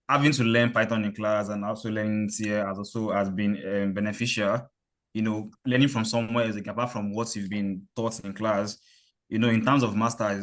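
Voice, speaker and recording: A man's voice: lowish voice, a bit bright. A man, a student in a master's program, giving hesitant feedback on a course with many fillers and restarts. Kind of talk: casual thanks and feedback.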